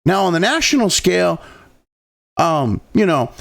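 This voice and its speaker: High lively man host, sarcastic foul-mouthed rant. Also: a little slow, gravelly. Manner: crude, sarcastic, heavy swearing. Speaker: host of a political commentary channel. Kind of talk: profane political rant.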